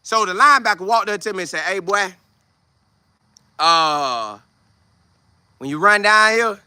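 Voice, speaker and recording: Brash high-voiced young man talking trash. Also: a little slow, clean tone, dry recording, clean studio sound. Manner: loud, trash-talking, animated. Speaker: show host, football player. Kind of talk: casual livestream chat.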